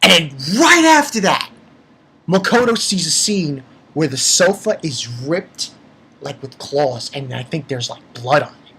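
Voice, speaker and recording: A man's voice: on the high side, very animated, a little slow, bright, forceful tone, breathy edge. A man giving a casual spoken review of an episode. He rambles, swears freely and often restarts his sentences. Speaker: anime reviewer.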